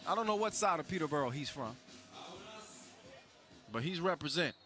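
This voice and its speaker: A man calls a live shooting contest in a loose, joking commentary style, stumbling through fillers and restarts. His voice sits a little high for a man. Music plays clearly under him throughout. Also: moderate pace, pauses often, a bit bright. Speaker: sports commentator. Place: basketball event venue.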